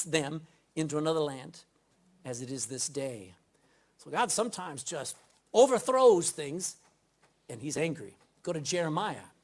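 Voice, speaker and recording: A man preaching a sermon from the pulpit, reading scripture aloud and putting direct questions to the congregation. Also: a little high. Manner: emphatic, swings between loud scripture reading and quiet asides. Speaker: pastor. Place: church pulpit.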